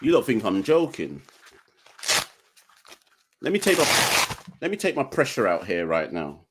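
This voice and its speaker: A man's voice: on the low side, measured pace, a little hiss or hum. Young guy w hosting a live podcast, defiant and jokey, voice bouncing all over. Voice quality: animated, defiant, joking ranting. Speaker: podcast host. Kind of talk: live call-in show chat.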